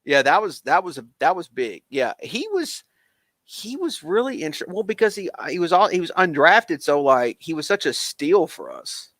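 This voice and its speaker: A man co-hosting a casual sports chat, rambling and excitable, with lots of fillers. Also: fairly high pitch, normal speed, no echo. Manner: rambling, excitable fan talk with many fillers. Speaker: podcast co-host.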